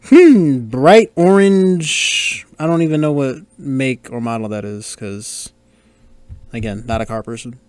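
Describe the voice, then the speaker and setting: The voice is a man's: mid-range, a little slow, darkish and clean, with no echo. He hosts a podcast, casually commenting on a movie while exclaiming and joking at the characters as scenes go by.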